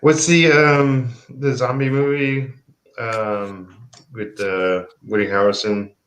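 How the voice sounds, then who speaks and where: Slow-talking man chiming in. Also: mid-range voice, flat delivery, fairly bright tone. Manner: slow, brief interjections. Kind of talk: casual chat.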